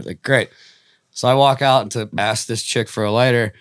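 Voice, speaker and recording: A man's voice: mid-range voice, fairly even intonation, moderate pace, smooth, no room sound, clean studio sound. Profane laughing man telling a story. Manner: profane, rambling, laughs through his story. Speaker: tattoo artist and band member, podcast guest. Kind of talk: casual storytelling chat.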